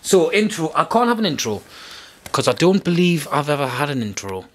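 Playful young Geordie man, lively voice. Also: a little high, brisk, a little hiss or hum. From North East England. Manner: playful, giggly, loud bursts. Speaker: vlogger. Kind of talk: casual chat.

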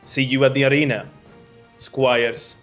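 A man voicing a pompous male military officer and grand showman, with a booming, declamatory, theatrical delivery. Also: little pitch movement, unhurried, fairly bright tone, faint music behind, natural voice. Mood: showy, teasing.

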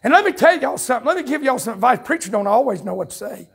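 A Southern US pastor preaches a revival sermon at a church camp meeting, telling his story and then rising into fervent, shouted preaching. His voice sits very high for a man and has a rough, gravelly edge. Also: very animated, very fast.

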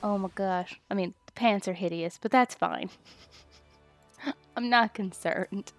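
A young woman streaming a video game, muttering to herself as she plays and bursting into excited squeals. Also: mid-range voice, takes it slowly, soft background music. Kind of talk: casual gaming stream chatter.

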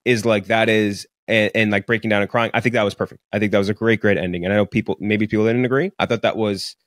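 A young man with a lowish voice talks through a film review in loose podcast chat. He rambles, stacking fillers and swearing freely. The sound is close and dry, with no room around it. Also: fairly even intonation, fast talker, dry recording. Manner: rambling, filler-heavy, profane. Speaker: podcast co-host. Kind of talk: casual movie review chat. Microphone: studio podcast mic.

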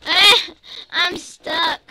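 A young gamer girl giving excitable, shouty commentary while playing online, yelling at other players. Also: very high-pitched, drawn-out words.

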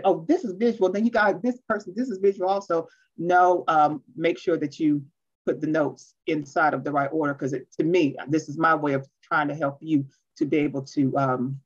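A grandmotherly woman runs a virtual workshop for teachers, chatting fast and poking fun at herself. Her voice comes through a dull, lo-fi video call connection. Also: low-pitched. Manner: fast-talking, chatty and self-deprecating. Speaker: workshop presenter. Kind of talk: online teacher training workshop.

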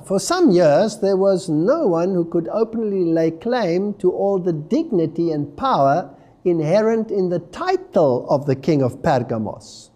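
Slow, animated male Bible lecturer. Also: high-pitched. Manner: reads scripture aloud with dramatic emphasis.

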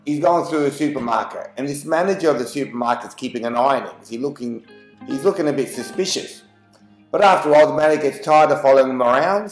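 A middle-aged man, casually telling jokes to camera in a folksy, chatty way. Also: a little high. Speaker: joke channel host. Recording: echoey room with faint guitar music.

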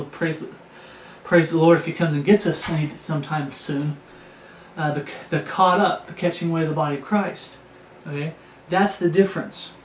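A man preaching a sermon, earnest and repetitive, often restarting his phrases. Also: a little high. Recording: echoey room with faint background noise.

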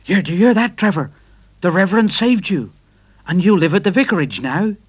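A man voicing a cheerful working-man engine driver in a storybook, loud, hearty and encouraging. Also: a little high, animated, moderate pace. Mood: excited.

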